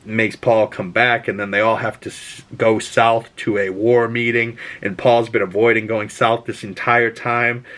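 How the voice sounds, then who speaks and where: A man giving a casual, spoiler-filled movie review, chatty and excitable, swearing freely as he talks. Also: fairly low pitch, measured pace, few pauses.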